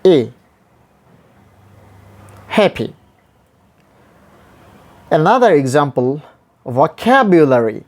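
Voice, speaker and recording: Taking his time, a man teaches English pronunciation by drilling example words over and over. He speaks patiently and deliberately, his pitch varying a lot and rising sharply whenever he hits a stressed drill word.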